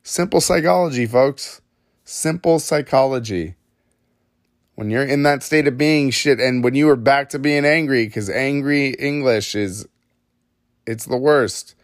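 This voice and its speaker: A man's voice: medium pitch, a little slow, dry recording, studio quality. A man hosting a solo podcast, ranting in a rambling, self-mocking, profane way. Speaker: podcast host.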